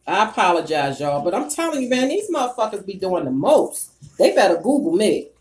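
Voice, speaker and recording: A woman hosting a casual live stream, reading the chat and ranting bluntly, with heavy cursing and bursts of loud laughter. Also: mid-range voice, a little fast. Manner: profane, blunt and animated.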